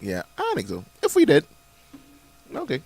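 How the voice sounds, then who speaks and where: Gravelly man hosting morning radio. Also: a little high, huge pitch swings, moderate pace, darkish tone. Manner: playful, laughs often, rambling restarts. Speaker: radio show co-host. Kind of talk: casual morning radio chat. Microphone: studio microphone.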